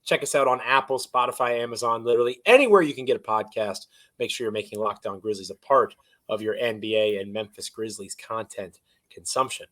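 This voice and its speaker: A man's voice: on the low side, fairly quick, a bit bright. A man co-hosting a sports podcast, chatty and self-deprecating as he runs through the show's intro and the news. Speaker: podcast co-host.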